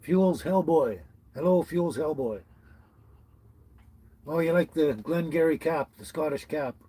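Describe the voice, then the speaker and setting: A man's voice: on the high side, measured pace, mellow, slight background noise, rough recording. A man hosting a casual livestream, greeting each viewer by name in a friendly, chatty way. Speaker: livestream host. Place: tiny house on wheels.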